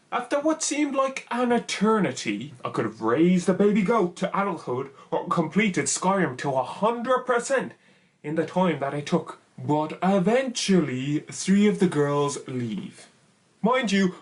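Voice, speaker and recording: A young man telling a funny personal story in an animated, exaggerated comic way. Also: high voice, a little slow. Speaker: YouTuber. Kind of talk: comedic story time.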